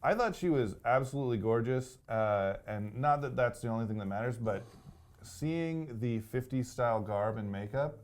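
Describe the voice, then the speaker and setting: A man's voice: mid-range voice, animated, moderate pace, a little mellow. A man guest co-hosting a movie review show, chatting casually with dry, sarcastic jokes. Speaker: guest co-host. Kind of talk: casual chat.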